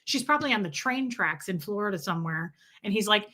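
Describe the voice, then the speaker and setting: A woman hosting a casual live stream, ranting in an animated way, swearing and thanking chatters by name. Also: lowish voice, fast, few pauses.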